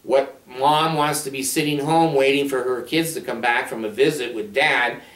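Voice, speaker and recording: A man's voice: medium pitch, fairly even intonation, moderate pace, a bit bright. Blunt sardonic man, distant roomy mic. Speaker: counselor. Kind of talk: casual monologue to camera.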